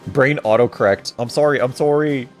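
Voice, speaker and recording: A man's voice: mid-range voice, normal speed, faint music behind. A male streamer chatting casually with his viewers while playing, stuttering and joking around. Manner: stuttering, jokey, apologetic.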